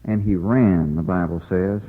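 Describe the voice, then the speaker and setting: A man's voice: low-pitched, steady tone, unhurried, in a large hall, narrow, tinny audio. A man preaching a revival sermon in a folksy, pleading way, telling the story dramatically as an evangelist.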